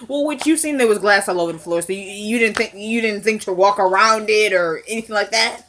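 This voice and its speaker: A woman giving an animated, casual recap of a TV episode. She laughs often and acts out the scenes. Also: mid-range voice, a little fast. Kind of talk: casual chat.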